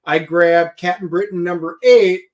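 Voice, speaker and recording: A man's voice: high voice, fairly even intonation, normal speed. A man hosting a casual chat, teasing his co-host with dry quips.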